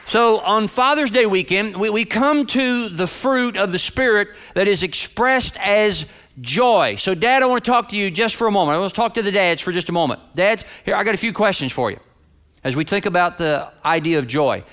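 Bright, high-voiced man preaching. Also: lively intonation, normal speed. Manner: earnest, direct, repeats phrases for emphasis. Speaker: pastor. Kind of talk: sermon to a congregation.

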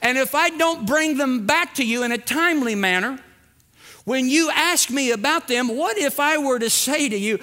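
A man's voice: extremely high pitch, animated, normal speed, bright, forceful tone. A middle-aged man preaching a sermon as pastor, emphatic and repeating phrases for effect, acting out small dialogues.

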